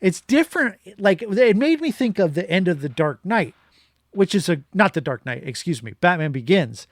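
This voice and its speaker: A man's voice: high voice, moderate pace, no echo, clean studio sound. Opinionated man ranting about a film. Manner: rambling, opinionated, animated rants. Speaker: podcast co-host. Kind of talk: casual movie review chat.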